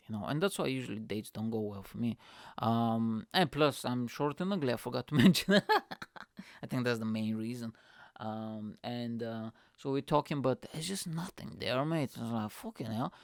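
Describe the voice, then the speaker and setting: A man's voice: medium pitch, clean tone, no echo, clean studio sound. A tired man hosting his podcast, telling a story in a casual, swearing, matey way. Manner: profane, animated, says "mate" a lot. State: tired, yawning. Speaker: podcast host.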